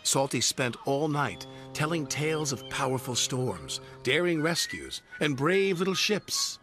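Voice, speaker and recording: A man narrating a children's train story in a lively read-aloud manner. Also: on the high side, unhurried. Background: background music.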